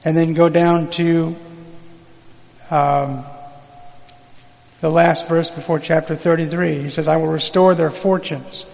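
A man's voice: a little high, flat delivery, unhurried, vocal fry, long pauses, darkish tone, big-room sound, rough recording. A man preaching a sermon, reading scripture aloud and drawing call-and-response from the congregation.

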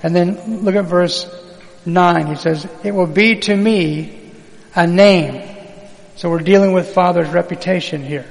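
A man's voice: high-pitched, unhurried, creaky, long reverb tail, faint music behind, poor audio. A man preaching a sermon, reading scripture aloud and drawing call-and-response from the congregation.

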